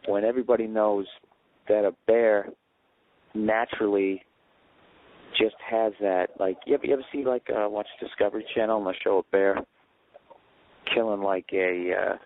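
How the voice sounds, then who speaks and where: A man's voice: fairly low pitch, flat delivery, moderate pace, creaky, phone-quality sound. A man ranting sarcastically and profanely as a comedy podcast host, recorded in an airport waiting area on a phone. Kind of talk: rambling comedic rant.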